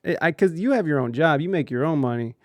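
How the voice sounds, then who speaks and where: A man's voice: on the high side, animated, fast talker, dry recording, studio quality. A man streaming live, chatting casually and telling rambling, profane stories while reacting to videos.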